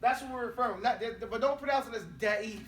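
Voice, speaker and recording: A man's voice: very high voice, rapid-fire, a crowd in the background. A man teaching an Arabic class, drilling pronunciation and correcting students bluntly and emphatically. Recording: echoey classroom, mic far off.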